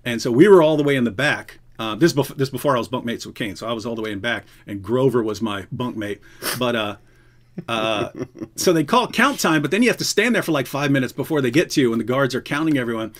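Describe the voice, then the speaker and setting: A man's voice: mid-range voice, animated, quick pace. A man hosting a casual live chat, telling stories with many restarts and frequent laughter. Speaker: host. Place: indoors, live stream.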